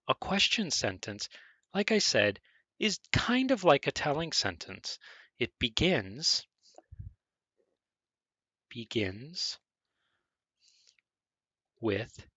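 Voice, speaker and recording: A man teaching a beginner English grammar lesson over a screen recording, speaking slowly and deliberately, spelling words out and stressing question intonation. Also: medium pitch, sing-song, pushed and bright, dry recording.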